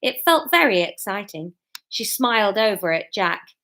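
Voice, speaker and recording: A woman's voice: mid-range voice, very animated, moderate pace, sharp tone. A woman reading her serialized story aloud, chatty and prone to jokey, sweary asides. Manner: chatty, swears, breaks off to laugh and joke.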